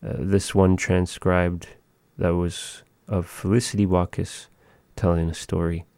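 A man giving a language lesson, thinking aloud in a slow, measured way with frequent pauses. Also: sits low, level tone, creaky, darkish tone, no room sound, clean studio sound. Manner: slow, measured, pausing often. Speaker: language teacher.

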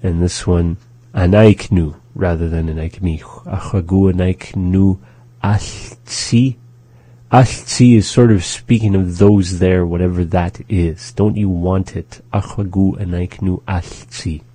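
A man hosting a radio language lesson, slowly and carefully pronouncing phrases and explaining them. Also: low-pitched, steady tone, mellow, breathy edge, dry recording. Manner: slow, careful pronunciation drills. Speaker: language teacher and show host.

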